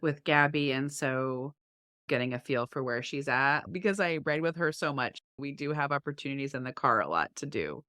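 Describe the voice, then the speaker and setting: Woman cohost, really low voice, tells funny family stories, dry close sound. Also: moderate pace, no room sound. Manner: storytelling, lively quoted dialogue. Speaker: podcast co-host. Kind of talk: casual chat.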